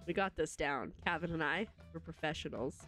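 A woman hosting a let's play, chatty and excitable, laughing often as she plays through a cooking game. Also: low-pitched, a little fast, faint music behind. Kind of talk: gameplay commentary.

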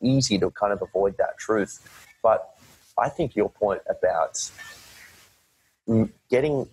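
Husky low-voiced man chatting. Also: a little slow, a little mellow, no room sound, poor audio. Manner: rambling, self-correcting, swears casually. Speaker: podcast guest. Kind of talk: casual conversation.

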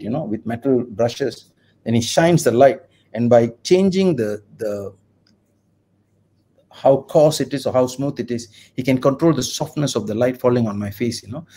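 A man's voice: medium pitch, mellow, husky. A middle-aged man with a Malaysian English accent, a lawyer guest on an online video interview, talking in an impassioned, ranting way.

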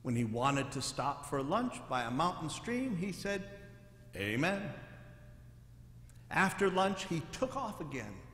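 Animated man telling jokes in an echoey hall. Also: fairly high pitch, moderate pace, hardly any pauses. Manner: animated storyteller, acting out the punchlines. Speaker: pastor. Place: church sanctuary.

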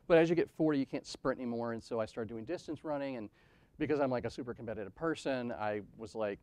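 A man in his forties gives a candid talk at an event venue, sharing personal stories in a self-deprecating, conversational manner and often adding "right?" His mid-range voice is quick and a little mellow, recorded dry.

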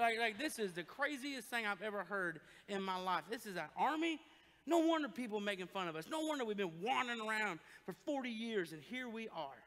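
A male pastor preaching a sermon in an animated, joking storytelling manner. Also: sits high, fairly quick. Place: church sanctuary. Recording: long church hall reverb.

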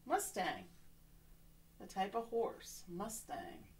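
A woman's voice: a little high, animated, moderate pace, a bit bright. A woman teacher giving a remote reading lesson to children, patient and encouraging, often checking in with "okay?".

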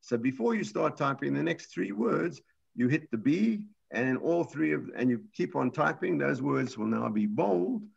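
A man teaching a live computer class, explaining each step patiently and often starting his sentences over. His voice is gravelly and a little husky, at an ordinary pitch. The sound is dull and lo-fi, like audio from an online class. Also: expressive, moderate pace.

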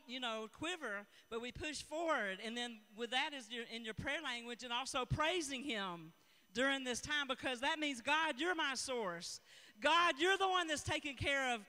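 A woman, preaching and praying aloud, rambling and self-correcting, breaking into excited whoops. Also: sits high, in a large hall. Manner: exuberant, bursts into whoops of excitement. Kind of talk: sermon and spoken prayer. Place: church sanctuary.

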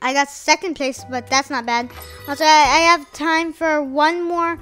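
A woman giving excitable live commentary over her own gameplay, chanting sound effects and repeating phrases as she plays. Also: high voice, normal speed, soft background music. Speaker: gaming video host.

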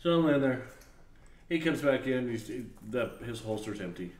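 A man's voice: mid-range voice, moderate pace, roomy sound. A man telling a funny story, acting out the voices of the people in it. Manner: animated, acts out voices and laughs while telling. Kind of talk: casual storytelling.

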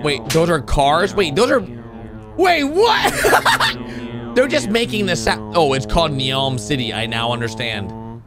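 A man hosting a reaction video, commenting on animations with loud exclamations and quick drops into low, muttered asides. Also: over music.

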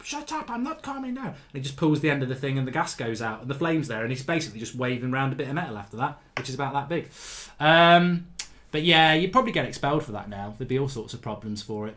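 A man hosting his show, casually telling a school story to viewers and acting out loud quotes, then saying he feels fatigued. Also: mid-range voice. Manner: animated anecdotes with loud acted-out quotes. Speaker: host.

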